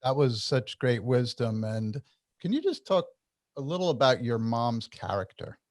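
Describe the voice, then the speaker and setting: A man hosting an interview, reflecting calmly on what his guest says and asking follow-up questions. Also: mid-range voice, measured pace, no room sound, studio quality. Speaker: host.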